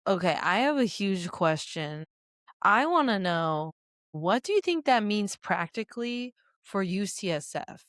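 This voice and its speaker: A woman's voice: mid-range voice, big pitch swings, measured pace, a bit bright, dry recording, studio quality. A woman co-hosting a podcast, asking pointed questions and pressing for plain answers. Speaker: podcast co-host. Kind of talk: casual podcast discussion.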